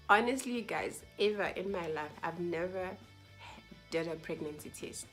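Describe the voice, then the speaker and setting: A young woman with a mid-range voice tells a personal story straight to camera. She is animated and acts out what people said, sometimes sinking to a whisper. Faint music plays in the background. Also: mid-range voice, measured pace. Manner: animated, acts out quoted dialogue, drops to whispers. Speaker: vlogger.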